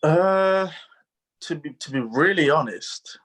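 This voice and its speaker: A man's voice: fairly high pitch, expressive, takes it slowly, fairly bright tone. A man taking part in an online acting workshop, speaking hesitantly with repeated words. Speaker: workshop participant. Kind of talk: asking questions in an online workshop.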